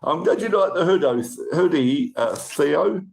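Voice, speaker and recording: A British man hosts a casual livestream, chatting his way through viewer comments. His voice is croaky, with a gravelly edge. His pitch bounces around animatedly as he gets a little overexcited. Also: animated, a little slow. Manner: chatty and upbeat, easily overexcited. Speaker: livestream host.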